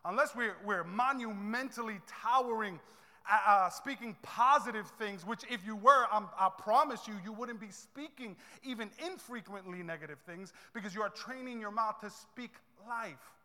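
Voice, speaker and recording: A male pastor preaching a sermon, swinging between soft asides and loud, repetitive declarations. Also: high-pitched, normal speed. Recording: long reverb in a large hall.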